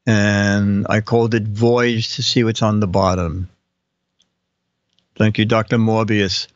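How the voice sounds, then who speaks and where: A man's voice: on the low side, flat delivery, slow pace, no echo, dull audio. An older man hosting a casual live show, reading viewers' joke captions aloud and chuckling between them. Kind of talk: casual comedic live-stream chat.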